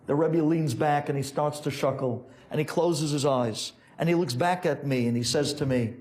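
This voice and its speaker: A man's voice: fairly high pitch, normal speed, hardly any pauses, a little mellow. A man telling a story dramatically as a Torah teacher in a lecture.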